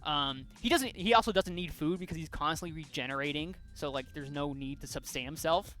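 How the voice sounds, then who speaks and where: Bright-voiced man retelling a comic. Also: a little high, brisk, faint music behind. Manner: rambling with frequent fillers and restarts. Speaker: podcast co-host. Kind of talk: casual chat retelling a comic.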